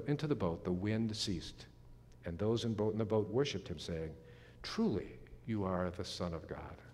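A middle-aged or older male pastor preaching a sermon in an earnest way, slowing down to stress key phrases. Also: lowish voice, darkish tone, a little hiss or hum. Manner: earnest, slows for emphasis, some restarts. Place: church sanctuary. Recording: long hall reverb.

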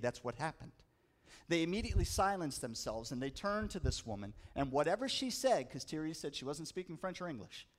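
A man preaching a sermon, telling a story with dramatic slowdowns and rising emphasis. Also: mid-range voice. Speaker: pastor.

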